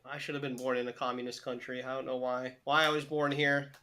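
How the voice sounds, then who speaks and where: Bright-voiced joking young man. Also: medium pitch, level tone, fast talker. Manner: joking, profane, laughs often. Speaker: podcast co-host. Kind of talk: casual chat.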